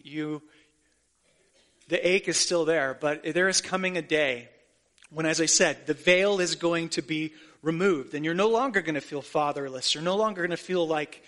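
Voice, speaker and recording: A man's voice: on the high side, pushed and bright. A man preaching a sermon as a pastor, telling a story in an earnest way and sometimes correcting himself as he goes.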